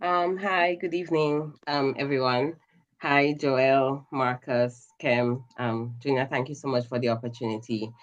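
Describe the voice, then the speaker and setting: Woman from Grenada, caller, earnest, measured delivery with fillers. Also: rumbling low, fairly even intonation, lo-fi sound. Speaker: caller commenting on the budget. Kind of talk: casual call-in commentary.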